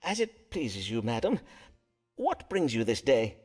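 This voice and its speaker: An actor playing a courteous Elizabethan doctor-astrologer in a video game, speaking in formal, archaic phrases with polite tact. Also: male voice, medium pitch, very animated, unhurried, a little mellow, husky, soft background music.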